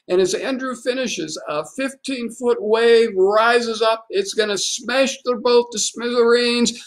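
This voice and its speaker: A man's voice: very high voice, slow. Man preaching with rhetorical questions. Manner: conversational and folksy. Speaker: pastor. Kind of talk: livestreamed sermon.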